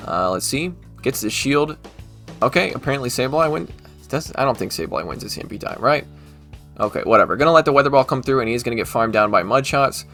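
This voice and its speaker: A man hosting a gaming channel, casually commenting on online battles with chatty asides and quick self-corrections. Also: mid-range voice, expressive, fairly bright tone, soft background music.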